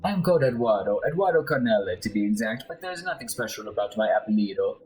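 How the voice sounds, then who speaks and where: Sly, persuasive male sellsword with a put-on Spanish accent, as a lower-voiced gamer acts him out. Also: expressive, quick pace, a little mellow, a little hiss or hum, close to an everyday voice, low-quality recording. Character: smooth-talking male street mercenary bodyguard. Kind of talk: let's play voice acting.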